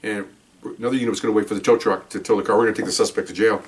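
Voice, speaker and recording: An older man, a retired police officer, tells a story in a casual, animated way, acting out voices and restarting his sentences. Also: fairly low pitch, racing, far from the mic. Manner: animated, acts out voices, laughs, many restarts.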